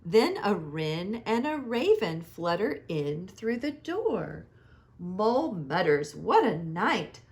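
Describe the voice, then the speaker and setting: A woman teacher reading a children's picture book aloud, with slow, expressive sing-song storytelling. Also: medium pitch.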